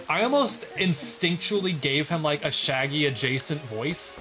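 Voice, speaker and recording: Rambling man streamer, fairly high voice. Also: expressive, moderate pace, hardly any pauses, rough recording. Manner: rambling, heavy use of "like" fillers. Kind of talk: casual gameplay commentary.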